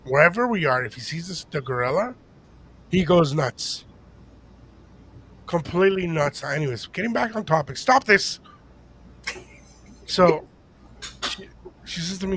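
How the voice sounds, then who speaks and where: A man's voice: fairly high pitch, unhurried, pauses often, a little hiss or hum. An older man telling a story in casual chat on a podcast, acting out the voices of the people in it. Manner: animated storyteller acting out quotes. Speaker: podcast co-host.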